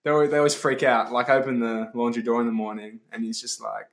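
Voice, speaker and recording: A man's voice: medium pitch, flat delivery, fast talker, a crowd in the background. A man chatting as a guest on a podcast, laid-back, with brief replies and frequent laughs. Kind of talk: casual chat.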